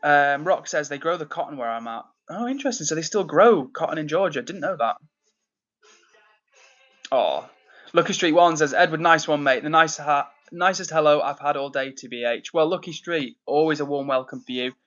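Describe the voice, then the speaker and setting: A man hosts a live stream from his home, reading out chat messages one by one and sending shout-outs. His voice sits a little high, and he keeps a cheerful, easygoing manner with lots of ums. The stream audio is dull and slightly lo-fi. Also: normal speed. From England, near Manchester. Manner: friendly, upbeat, lots of fillers and shout-outs. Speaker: livestream host reading chat. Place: indoors at home.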